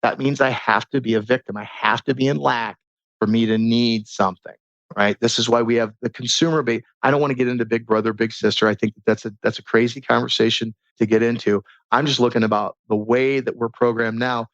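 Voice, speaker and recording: A man guest on a podcast, talking in a casual, animated way and teaching through stories and rhetorical questions. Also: mid-range voice, a little fast, dry recording. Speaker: podcast guest, transformation coach. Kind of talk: casual conversational interview. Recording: dull lo-fi sound.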